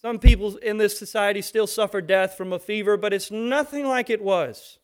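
A man with a high-pitched voice preaching a sermon. He speaks emphatically and with animation, now and then acting out little scenes to make his point. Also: moderate pace.

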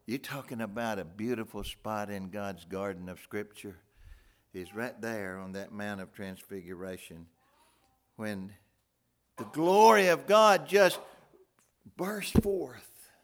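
An older man preaching a folksy sermon. His voice climbs into loud, ringing outbursts and then drops to hushed, almost whispered lines. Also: fairly low pitch, slow pace. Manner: folksy, with wide dramatic swings between loud outbursts and hushed near-whispers.

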